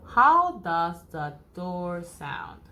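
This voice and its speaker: A woman teacher reading a picture book aloud to first graders, slow and encouraging, acting out each sound. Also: lowish voice, big pitch swings, pushed and bright, slight background noise.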